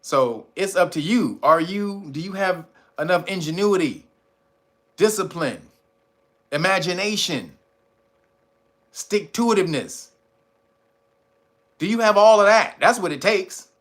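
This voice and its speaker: A man's voice: high voice, animated, a little slow, long pauses, a bit bright. A man hosting a casual commentary monologue, blunt and profane, laughing often. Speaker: channel host.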